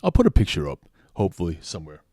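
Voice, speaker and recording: Casual male toy reviewer, low voice, rambling and self-correcting, dry recording. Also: wildly swooping pitch, very fast, warm tone, no room sound. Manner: rambling, restarts sentences, conversational asides.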